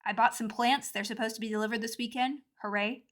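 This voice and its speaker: Chatty high-voiced woman podcaster. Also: fast. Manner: chatty, self-deprecating, animated. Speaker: podcast host. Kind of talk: casual solo podcast chat. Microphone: home recording, not in booth.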